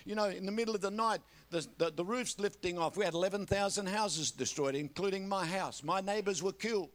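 An older man with an Australian accent preaches with animated storytelling, often turning to his congregation for a response. His voice sits high for a man. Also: a little fast. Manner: animated storytelling with repeated audience call-outs. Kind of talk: sermon.

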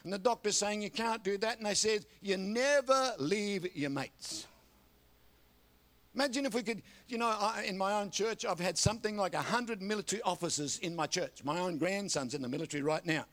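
A man's voice: sits high, fast, few pauses, a bit bright. An older man preaching a sermon, telling folksy stories and calling for amens. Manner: folksy storytelling with calls for amen. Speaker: pastor.

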